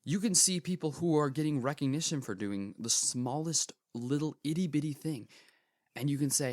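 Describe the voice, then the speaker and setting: A teenage boy hosting a podcast, retelling a parable in earnest, casual commentary with animated asides. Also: medium pitch, normal speed, dry recording, clean studio sound. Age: teens. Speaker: podcast host.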